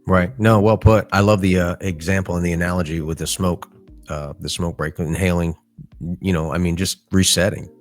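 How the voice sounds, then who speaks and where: A man's voice: deep voice, fairly even intonation, normal speed, faint music behind. A middle-aged man co-hosting a podcast, telling stories in a casual, rambling way with lots of fillers. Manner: rambling storyteller with many fillers. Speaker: podcast co-host.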